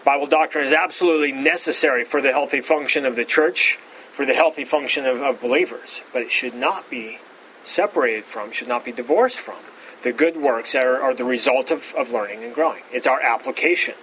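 A pastor giving an expository Bible teaching, repeating words and saying "all right" often, rising in pitch to stress key points. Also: male voice, a little fast, fairly bright tone, a little hiss or hum, poor audio. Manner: rises in pitch for emphasis.

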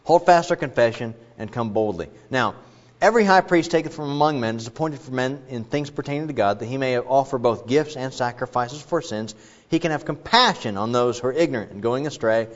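A man's voice: medium pitch, expressive, fairly quick. A man preaching an expository sermon in a conversational, digressive way with frequent asides. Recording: dull lo-fi recording.

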